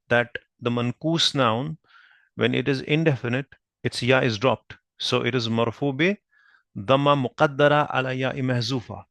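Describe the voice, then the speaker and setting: With a medium-pitched, slightly bright voice and no room sound, a man teaches Arabic grammar from a whiteboard. He patiently works through each point, slowly spells the Arabic terms, and keeps checking that everyone understands by asking questions.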